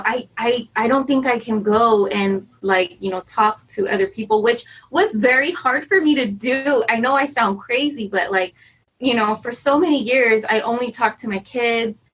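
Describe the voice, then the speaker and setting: A woman's voice: a little high, normal speed, fairly bright tone, breathy edge, low-quality recording. A woman in her thirties, a podcast guest, talking candidly and anxiously, rambling with many fillers. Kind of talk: candid conversational interview.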